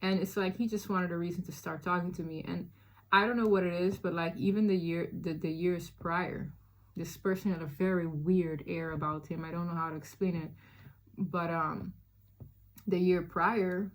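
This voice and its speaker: A woman's voice: fairly low pitch, normal speed. Chatty woman telling a storytime. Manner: animated, chatty, many fillers, addresses listeners as y'all. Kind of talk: casual storytime chat.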